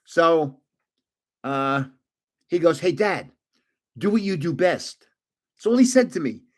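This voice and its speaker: Man in his 70s, livestream storyteller, animated pitch, slightly high voice, laughs a lot. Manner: animated, laughs often, restarts. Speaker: livestream host. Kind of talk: casual storytelling.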